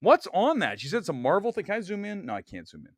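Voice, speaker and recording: A man hosting a casual movie live stream, joking loudly and ranting in excitable bursts. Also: high-pitched, fast, dry recording, studio quality. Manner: loud, excitable, jokey rants. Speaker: host. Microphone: desk mic.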